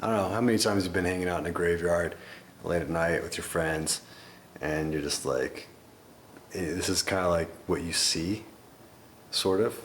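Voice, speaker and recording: A man hosting a music reaction video, talking in a rambling, excitable way with mock-scared asides. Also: sits low, moderate pace, long pauses. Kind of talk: casual reaction commentary. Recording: echoey room with faint noise.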